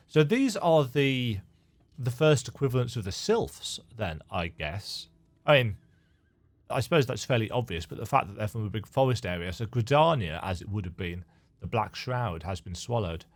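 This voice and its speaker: A game streamer with a lowish voice, big pitch swings and normal speed comments casually as he plays a video game. He muses aloud, hums to himself and pokes fun at himself while faint game music plays behind him.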